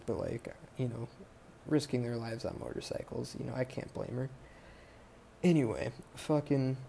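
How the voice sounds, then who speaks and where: A man's voice: mid-range voice, gravelly, mellow, a little hiss or hum. A man hosting a podcast, casually recapping a movie plot in a rambling, profane way full of fillers. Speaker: podcast host.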